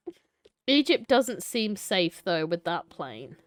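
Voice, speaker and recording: A woman's voice: mid-range voice, expressive, normal speed, dry recording, clean studio sound. A young adult woman live-streaming a choice game, reading it aloud and chatting playfully with viewers, laughing and swearing casually.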